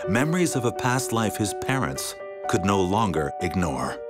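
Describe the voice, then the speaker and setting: A man's voice: fairly low pitch, big pitch swings, normal speed. Dramatic male documentary narrator over music. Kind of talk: scripted narration. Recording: music bed underneath.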